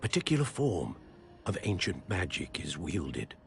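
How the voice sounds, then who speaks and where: A gravelly, lively-toned wizard mentor for a game, low-voiced and patient. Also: male voice, a little hiss or hum, heavily acted. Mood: measured. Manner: measured, explanatory. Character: kindly older male wizard professor, measured mentor. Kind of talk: video game dialogue.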